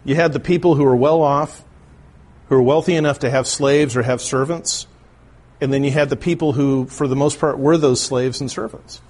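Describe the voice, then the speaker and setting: A man's voice: mid-range voice, steady tone, moderate pace, a little mellow. A male pastor giving an earnest, explanatory sermon, often restarting his phrases. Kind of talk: expository sermon.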